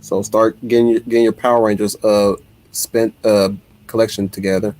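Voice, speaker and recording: A man's voice: lowish voice, normal speed. A man hosting a casual livestream, reading viewer comments and rambling with frequent restarts. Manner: rambling, many restarts, animated. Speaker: livestream host reading chat. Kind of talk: casual chat.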